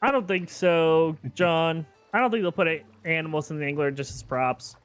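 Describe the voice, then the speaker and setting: A man's voice: fairly high pitch, normal speed, clean tone, faint music behind. A man playing a game with friends in casual chat, teasing them in a dry, sarcastic way. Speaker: co-player in an online game.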